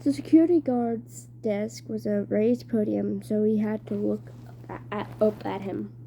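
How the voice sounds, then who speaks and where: A woman reads a novel aloud at a very slow pace, stumbling and restarting often. Her voice is dark and mellow, pitched slightly high. A faint hum sits behind her. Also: fairly even intonation, vocal fry. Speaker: reader.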